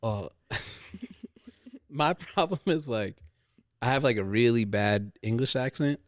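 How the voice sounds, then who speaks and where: A man chatting casually, drifting through loose stories with easy laughter. His voice sits in mid pitch and the recording is dry and close. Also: takes it slowly, dry recording. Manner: relaxed, rambling storyteller, laughs often. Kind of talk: casual chat.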